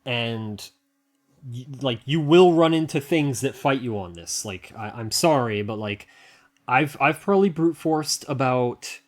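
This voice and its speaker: A man giving a casual hands-on tech walkthrough, thinking aloud and rambling with fillers and restarts, excitable and quick to laugh. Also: mid-range voice. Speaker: hobbyist video maker.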